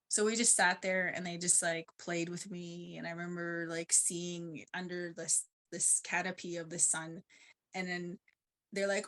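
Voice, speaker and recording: A woman's voice: on the low side, little pitch movement, unhurried, a bit bright. A woman on a conference panel telling a personal story in a casual, rambling way, often saying 'like'.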